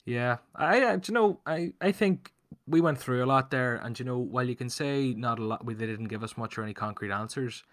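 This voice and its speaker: A man's voice: medium pitch, fairly quick, fairly bright tone. A man hosting a casual podcast chat, chatty and reading out listener questions. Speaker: podcast host.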